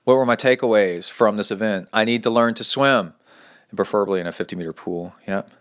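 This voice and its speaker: A man hosting a podcast and coaching triathletes, chatting casually and reading listener emails aloud with playful dramatic flair and quick asides. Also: lowish voice, a bit bright.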